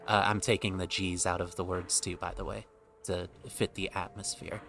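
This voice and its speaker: A man's voice: sits low, flat delivery, normal speed, creaky, bright, forceful tone, faint music behind. A young man streaming a game, chatty and self-mocking, with casual commentary.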